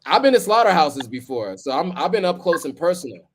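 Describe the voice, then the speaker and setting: A man's voice: a little high, sing-song, a little fast, background noise. A man in his thirties hosting a live stream, chatting casually with lots of ums and easy laughter. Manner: laid-back, chuckling, many ums.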